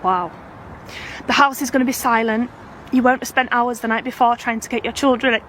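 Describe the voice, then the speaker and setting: A woman's voice: a little high, steady tone, a little fast, a bit bright, a little hiss or hum. A woman with a British accent, a family vlogger chatting to her camera in a gushing, emotional, rambling way. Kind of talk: casual vlog chat.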